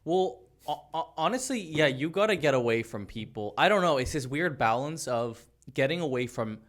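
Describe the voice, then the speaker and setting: A man's voice: a little high, expressive, normal speed. A man hosting a podcast in casual comedic chat, rambling loosely and laughing often. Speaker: podcast host.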